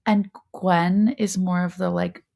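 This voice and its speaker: A woman's voice: lowish voice, flat delivery, slow pace, gravelly, dark tone. A young woman co-hosting a podcast, reviewing a TV show in casual chat, full of "like" fillers. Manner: chatty, lots of "like" fillers. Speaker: podcast co-host.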